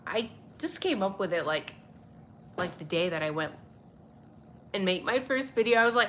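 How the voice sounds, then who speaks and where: A young woman hosts a casual livestream, reading viewer comments, greeting people by name and swearing freely. Her voice is fairly high and a little stuffy-nosed, at a moderate pace, with slight background noise.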